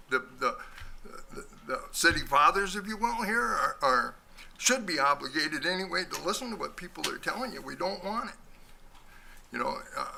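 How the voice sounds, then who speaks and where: A man's voice: on the high side, creaky, sharp tone, a little hiss or hum. Blunt, breathless man at a podium. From Michigan. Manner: blunt, frustrated, repeats himself. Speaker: public commenter. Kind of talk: public comment at a meeting. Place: city council chamber.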